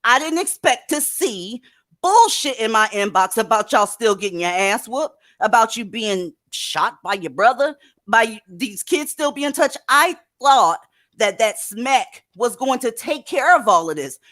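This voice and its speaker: A woman's voice: a little high, sing-song, unhurried, a bit bright, no echo, clean studio sound. A woman hosting a live stream, talking casually with blunt, profane sarcasm to her viewers. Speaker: livestream host. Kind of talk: casual livestream commentary.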